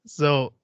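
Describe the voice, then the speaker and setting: A man's voice: a bit bright, no echo, lo-fi sound. A man in his thirties hosting a podcast, talking bluntly and dismissively with plenty of swearing. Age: 30s. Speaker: podcast host. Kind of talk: casual chat.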